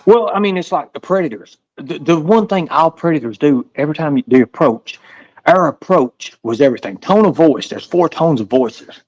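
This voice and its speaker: A man's voice: fairly high pitch, lively intonation, normal speed, a little mellow, no room sound, dull audio. A man from the American South with a Southern accent, a guest telling stories in a casual interview, rambling and repeating himself. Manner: rambling, repeats words, acts out voices in stories.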